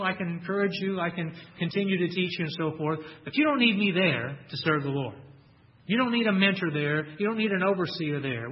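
A man's voice: fairly high pitch, muffled recording. A man preaching a sermon in an earnest way, repeating key phrases and quoting scripture. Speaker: pastor.

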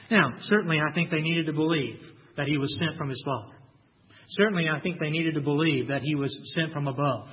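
A man preaching a sermon, emphatic and deliberate, slowing down and stressing key lines, sometimes repeating words as he restarts. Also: a little high. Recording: dull lo-fi recording.

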